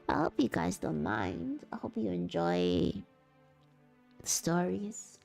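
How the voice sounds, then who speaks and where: A woman streamer at home, talking to her chat and narrating a story in a slow, steady voice. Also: fairly low pitch, creaky, soft background music. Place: at home, sitting on the floor.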